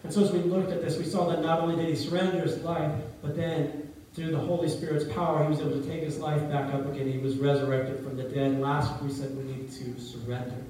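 A man's voice: a little high, level tone, fast talker, few pauses, dark tone, a little hiss or hum. A middle-aged man, a pastor, preaching a sermon and telling a story, often asking his congregation questions. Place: church hall. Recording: very echoey hall, heard from a distance.

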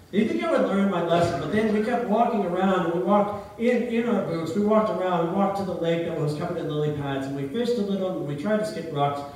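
A man's voice: on the high side, darkish tone, a little hiss or hum. A middle-aged man, a pastor, preaching a sermon and telling a story, often asking his congregation questions. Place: church hall. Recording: very echoey hall, heard from a distance.

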